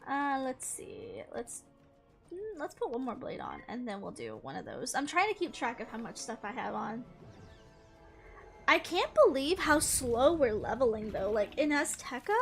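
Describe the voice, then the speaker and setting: A young woman chatting casually while playing a game, rambling and often breaking into loud squeals and laughter. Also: a little high, very animated, moderate pace, gravelly. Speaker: gaming streamer. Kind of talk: casual gameplay commentary. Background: game music.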